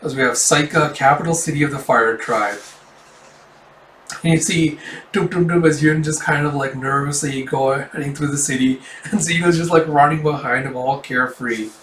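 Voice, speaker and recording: A man's voice: fairly high pitch, moderate pace, fairly bright tone. A man casually reading a comic aloud, chatty and adding sound effects, in a roomy recording taken from a distance. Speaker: manga reader. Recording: roomy, distant mic, faint background noise.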